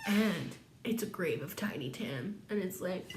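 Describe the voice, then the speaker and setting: A woman's voice: lowish voice, animated, measured pace, roomy sound, background noise. A young woman vlogger in her twenties giving a tipsy comedic retelling, full of slang, swearing and laughs.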